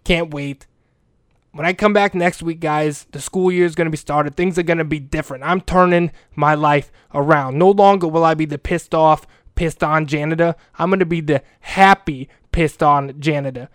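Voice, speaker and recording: A man plays a crude, lovesick older school janitor who rambles on with earnest profanity in a comic monologue. The voice sits a little high and sounds smooth and resonant. It is recorded close and dry. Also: fairly even intonation, moderate pace, no echo, close to an everyday voice. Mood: lovesick rambling. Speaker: comedic character monologue.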